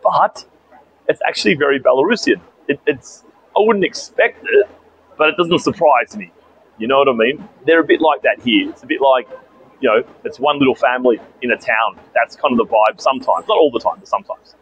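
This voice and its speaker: In this low-quality clip with slight background noise, a young Australian man at an outdoor bus station tells a story to camera for his chatty vlog. His medium-pitched voice runs a little fast, and his casual, animated retelling is full of asides.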